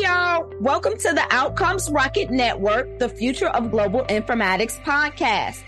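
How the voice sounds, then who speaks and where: A woman hosts a podcast with a high, sharp, ringing voice. She is effusive and repeats her greetings with gusto. Faint music plays underneath. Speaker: podcast host. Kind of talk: upbeat podcast hosting.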